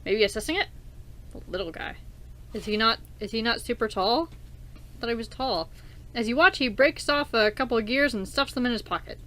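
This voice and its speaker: A woman hosting a let's play, reading game text aloud with giggly, excitable, chatty commentary. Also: on the high side, a little fast.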